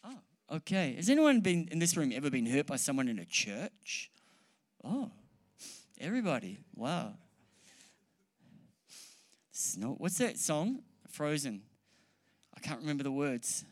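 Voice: medium pitch, very animated, unhurried, long pauses. Preacher mid-sermon before a live room; earnest, repetitive for emphasis, light humor with the crowd. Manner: earnest, repeats key phrases for emphasis. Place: church hall or meeting room with an audience.

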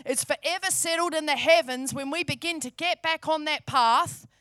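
A woman's voice: high-pitched, normal speed, bright, forceful tone, no echo, studio quality. A woman preaching a sermon, fervent and emphatic, repeating key phrases for stress.

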